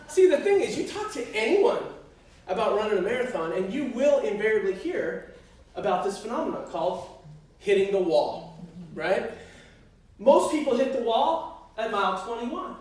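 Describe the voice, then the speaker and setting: A man performing a personal story on stage at a live storytelling show, animated and self-mocking, swearing freely. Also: high voice, moderate pace. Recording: echoey hall, voice from far off.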